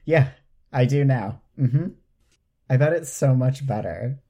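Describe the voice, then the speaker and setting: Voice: medium pitch, measured pace, warm tone, highs cut off. A podcast co-host in casual chat, ranting with indignant sarcasm.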